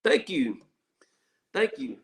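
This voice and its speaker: A man's voice: a little high, wildly swooping pitch, slow, vocal fry, a bit bright, faint music behind. Man, Mississippi Southern accent, blues musician, rambling, many fillers. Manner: meandering, filler-heavy storytelling. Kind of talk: rambling radio interview chat.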